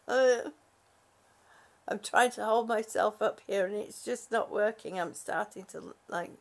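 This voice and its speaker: A woman's voice: medium pitch, slow pace, vocal fry. A worn-out, sleepy woman hosting a casual live stream, reading out viewer comments in a rambling, giggly way. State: exhausted, sleepy.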